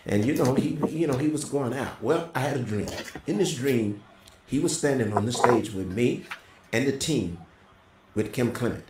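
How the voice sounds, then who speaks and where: A middle-aged man telling a personal testimony in a casual, animated way, as a co-host. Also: normal speed, background noise. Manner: animated storyteller, voice jumps high when quoting. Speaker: prophet and co-host. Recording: roomy echo.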